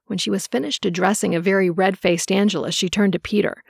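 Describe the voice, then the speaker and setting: A woman reads a first-person audiobook in a measured way. Her voice has a gravelly fry, and the recording is close and dry. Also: medium pitch, steady tone, no echo. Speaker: audiobook narrator.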